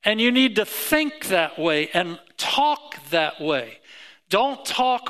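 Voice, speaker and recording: A middle-aged man preaching a sermon as pastor, emphatic with repeated phrases that climb in pitch. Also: sing-song, slow pace, a bit bright.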